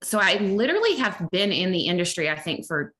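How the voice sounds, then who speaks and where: A woman in her forties with a Southern American accent chats as a guest on a podcast. Her voice sits low but sounds bright and forceful. She talks in long, rambling stretches and laughs easily. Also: big pitch swings, a little fast. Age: 40s. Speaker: strength and conditioning coach. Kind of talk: casual podcast interview.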